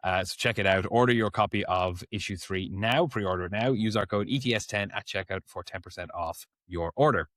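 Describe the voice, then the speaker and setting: A man hosts a podcast in a chatty, loose way, his voice sitting a little low. He often stumbles over and restarts his phrases. The sound is dry and close. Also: brisk, hardly any pauses, a bit bright, no room sound. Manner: chatty, restarts phrases, reads sponsor plugs. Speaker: podcast host. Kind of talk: casual podcast chat.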